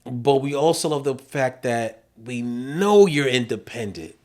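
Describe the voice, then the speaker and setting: A man co-hosting a casual podcast about marriage and faith. His voice is mid-pitched for a man, and he speaks earnestly and emphatically, drifting into a gently preachy tone. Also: animated, a little slow. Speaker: podcast co-host.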